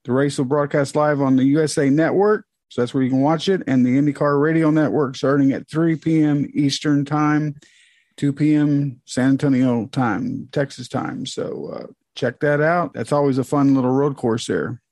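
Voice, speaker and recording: A man co-hosting a casual motorsport chat, talking in halting stretches and restarting often. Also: mid-range voice, a little mellow, no echo. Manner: halting, restarts often, plugs his website. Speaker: motorsport podcast co-host. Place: home, with dogs.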